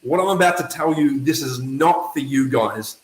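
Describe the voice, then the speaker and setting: A man coaching network marketers in a motivational talk to camera, emphatic and lively, always checking in with his listeners. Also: mid-range voice, moderate pace, echoey room, low-quality recording. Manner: emphatic, keeps checking in with "okay?" and "right?"; lively, acts out quoted voices.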